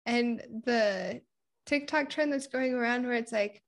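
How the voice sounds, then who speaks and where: A woman's voice: on the high side, fairly quick, vocal fry. Chatty young woman from Puerto Rico. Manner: candid, chatty storytelling with acted-out quotes. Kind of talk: casual conversation.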